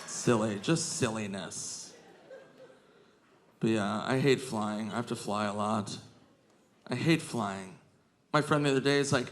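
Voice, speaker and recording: A male stand-up comedian telling self-mocking stories on stage in a lively anecdotal way. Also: on the low side, a little slow, long pauses. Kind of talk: stand-up storytelling. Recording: live club recording with crowd noise. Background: audience laughter.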